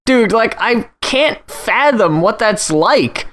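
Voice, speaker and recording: A man's voice: high voice, animated, slow, a bit bright. A young man hosting a podcast in casual chat, blunt and profane, acting out other people's reactions as he tells stories. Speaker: podcast host.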